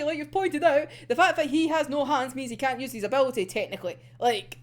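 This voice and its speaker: A woman's voice: sits high, brisk, hardly any pauses. A young adult woman with a Scottish accent, chatting casually about an anime episode, laughing often and swearing freely. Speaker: anime reviewer.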